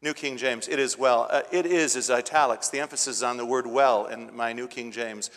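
A male preacher retells a scripture story in plain, conversational language, stopping now and then to restart a phrase. His voice sits at an ordinary pitch and climbs with force when he drives home a point. The sound carries a long reverb, as in a large hall. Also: fairly even intonation, fairly quick, a bit bright. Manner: retells scripture casually, rising to emphatic peaks. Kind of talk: sermon storytelling.

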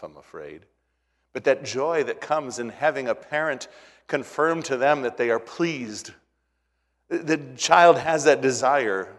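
Male pastor preaching in a reverberant hall. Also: medium pitch. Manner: swings from hushed to loud emphatic, repeats words. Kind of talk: sermon. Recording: long reverb of a large hall.

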